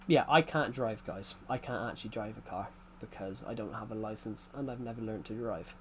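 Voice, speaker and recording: A man's voice: on the low side, brisk, background noise. A man with an English accent rambling in casual chat as a gaming YouTuber, often restarting his sentences. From United Kingdom. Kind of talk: casual chat while playing a game.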